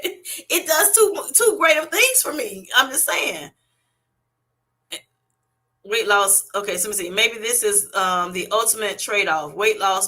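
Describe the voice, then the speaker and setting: Bright-voiced woman hosting a laughing live chat. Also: mid-range voice. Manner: animated, laughing often, reading chat comments aloud. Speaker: livestream host. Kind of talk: casual livestream chat. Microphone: webcam or streaming setup.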